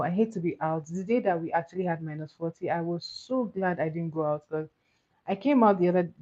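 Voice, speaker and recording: A woman's voice: on the low side, mellow. A woman chatting casually with live viewers while doing her makeup. She answers their comments and laughs often. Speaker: makeup livestream host. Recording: slightly muffled, dull sound.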